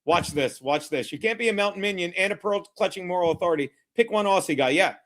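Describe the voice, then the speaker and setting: Hosting a live football watchalong stream, a man reads chat and calls plays in a brash, mocking, rambling style thick with swearing. His voice sits high, animated and fairly bright, at a quick pace.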